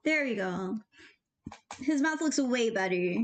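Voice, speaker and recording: A woman's voice: a little high, animated, takes it slowly. A young woman and animator chatting casually as she works, rambling and joking while handing out offhand tips. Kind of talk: casual commentary while working.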